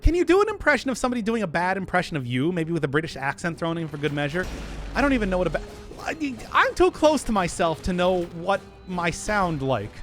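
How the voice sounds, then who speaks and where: Lively high-voiced male game streamer. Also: fast talker, faint music behind. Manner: chatty, rambling, laughs often. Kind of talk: live gameplay commentary.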